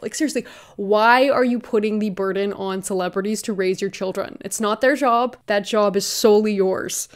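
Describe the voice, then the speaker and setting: A woman's voice: mid-range voice, fairly even intonation, a little slow, a little mellow. A young woman giving casual, opinionated commentary on her vlog, laughing often and reading posts aloud. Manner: chatty, laughs often, reads tweets aloud. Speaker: commentary YouTuber.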